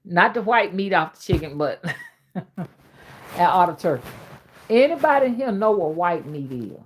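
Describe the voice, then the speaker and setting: Woman, Southern accent, folksy livestream chat, lively sing-song pitch, old-fashioned talk. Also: measured pace, slight background noise. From Alabama. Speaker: livestream host. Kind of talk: casual livestream chat reading comments.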